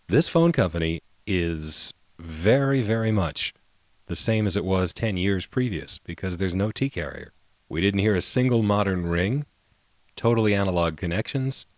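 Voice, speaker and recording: Deep-voiced guy narrating old phone stuff, unhurried and nerdy about detail, dry close mic. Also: no room sound. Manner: unhurried, fond of technical detail. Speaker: host presenting vintage telephone recordings. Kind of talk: relaxed narration.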